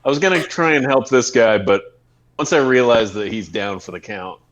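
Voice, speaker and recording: Excitable man playing a tabletop game. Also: mid-range voice, lo-fi sound. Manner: excitable, quick to laugh. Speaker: player. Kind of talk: casual tabletop play.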